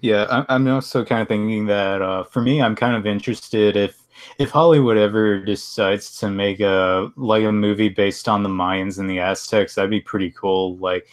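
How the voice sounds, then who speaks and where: Male guest, lowish voice, halting filler-heavy chat on a call. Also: steady tone. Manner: hesitant, lots of "uh" and "like", laughs along. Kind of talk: casual chat. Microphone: video call.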